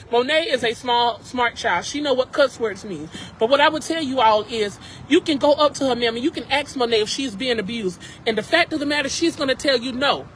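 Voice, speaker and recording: A man's voice: very high-pitched, fairly bright tone, low-quality recording. Upset man vlogger venting in a parked car, emphatic and repetitive, talking straight to viewers over a faint hum of vehicle noise. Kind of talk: casual ranting to viewers. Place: in a car at a drive-thru.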